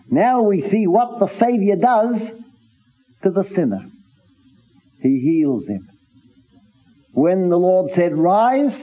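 Husky-voiced man preaching over tinny audio. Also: fairly high pitch. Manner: earnest, halting with repeated restarts, reads scripture in old phrasing. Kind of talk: sermon. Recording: tinny phone-like recording.

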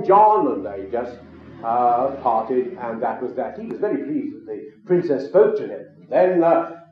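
A man preaching a sermon, telling a story and then rising into emphatic declarations before a gathering. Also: fairly high pitch. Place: a room with an audience. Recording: very echoey, dull lo-fi recording.

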